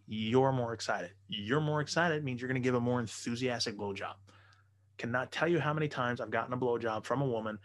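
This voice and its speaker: A man's voice: mid-range voice, fairly bright tone. A man telling a raunchy personal story in a casual podcast chat, profane and loose, laughing as he goes.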